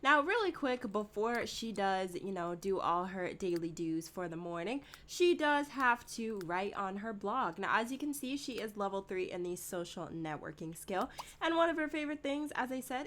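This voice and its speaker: A woman's voice: mid-range voice, a bit bright. A woman giving casual, chatty commentary over her gameplay, giggling and talking straight to her viewers. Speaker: gameplay video host.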